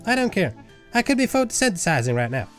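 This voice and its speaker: A man's voice: high voice, sing-song, fast, fairly bright tone, soft background music. A man doing a snippy, bored plant creature. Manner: snippy and dismissive. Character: grumpy lazy plant creature, rude and bored.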